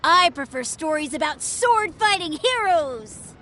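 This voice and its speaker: A woman's voice: high voice, a little slow, slight background noise, exaggerated voice. An eager young would-be swordsgirl. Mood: chatty. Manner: bouncy, excited, easily flattered. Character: eager young girl playing a wise sword master. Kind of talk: video game dialogue.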